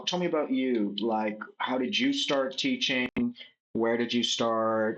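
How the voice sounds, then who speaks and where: A man's voice: medium pitch, muffled recording. Encouraging man interviewing a guest. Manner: encouraging, quick affirmations. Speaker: podcast host, interviewer. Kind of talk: interview questions.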